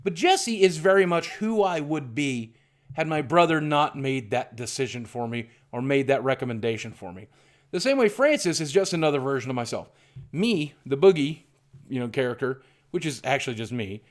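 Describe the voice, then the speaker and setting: This medium-pitched male voice is expressive and moves at a moderate pace. A middle-aged man from southwestern Virginia, a YouTuber, rambles candidly through a self-deprecating vlog monologue, often starting sentences over.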